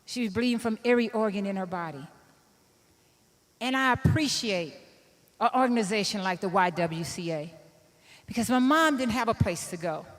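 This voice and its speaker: A woman in her fifties from Illinois giving a keynote speech, telling a personal story in an animated way and laughing at herself. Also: medium pitch, moderate pace, long pauses, in a large hall. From Illinois, USA. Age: 50s. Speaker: keynote speaker.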